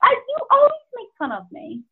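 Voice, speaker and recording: A woman's voice: very high-pitched, huge pitch swings, fairly quick, vocal fry. A woman chatting casually as a podcast guest, giggly and a bit bashful. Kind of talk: casual chat. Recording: tinny phone line.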